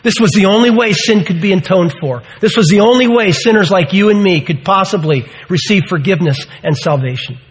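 A man's voice: high voice, brisk, hardly any pauses, rough recording. A man in his sixties preaching a sermon, earnest and emphatic, full of rhetorical questions. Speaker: pastor.

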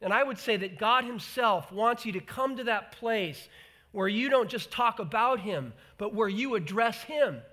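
A man preaching a sermon in an animated way, acting out the voices he quotes and repeating words for emphasis. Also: sits high, measured pace. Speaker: pastor.

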